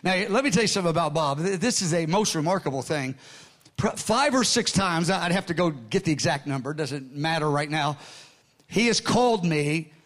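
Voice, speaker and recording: A man in his sixties preaching a sermon, telling stories in an excited, earnest way with frequent restarts. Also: a little high, fairly quick. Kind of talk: sermon storytelling.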